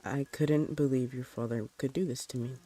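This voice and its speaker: A man voicing a grieving mother who is sharp with her neighbor and soft with her son. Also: medium pitch, fairly even intonation, normal speed, close to an everyday voice. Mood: gentle.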